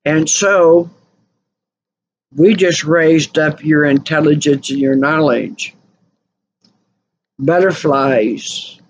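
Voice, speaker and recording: Lady rambling thru a story real slow, keeps fixing what she said, kinda muffled recording. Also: sits low. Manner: rambling, repeats and corrects herself. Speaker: channel host. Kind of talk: casual storytelling monologue. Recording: dull lo-fi recording with faint noise.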